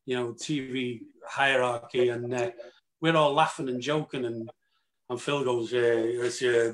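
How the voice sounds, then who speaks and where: A man, an actor guest, telling backstage anecdotes in a lively way and acting out his own cries and reactions. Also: mid-range voice, a little slow. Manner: animated storyteller, acts out his own reactions with loud cries. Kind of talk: anecdotal reunion chat.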